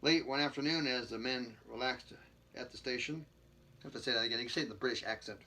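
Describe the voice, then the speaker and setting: A man's voice: medium pitch, fast, sharp tone, slightly rough. A man reading a book aloud, stumbling and restarting and dropping jokey asides between passages. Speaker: reader.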